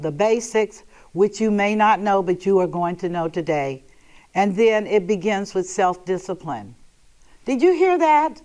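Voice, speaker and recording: Blunt woman lecturing slowly. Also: mid-range voice, darkish tone. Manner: blunt, emphatic, talks straight to viewers. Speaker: host giving a financial seminar. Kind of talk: televised financial lecture.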